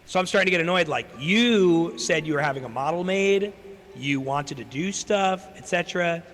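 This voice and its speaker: Young man telling a story on stream, slightly high voice. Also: normal speed, fairly bright tone. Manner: rambling, swears, acts out quoted people. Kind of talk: casual storytelling chat. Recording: long reverb, faint background noise.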